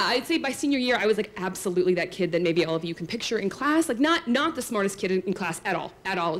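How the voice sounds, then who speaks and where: A woman's voice: mid-range voice, slight background noise. A woman telling a true story on stage to an audience, chatty and self-mocking, full of likes and asides to the crowd.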